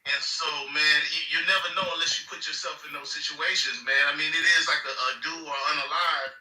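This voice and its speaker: A man's voice: fairly high pitch, steady tone, fast talker, sharp tone, echoey room, far from the mic, low-quality recording. A man calling in, speaking thoughtfully and hesitantly with many fillers. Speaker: caller. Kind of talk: casual call-in chat.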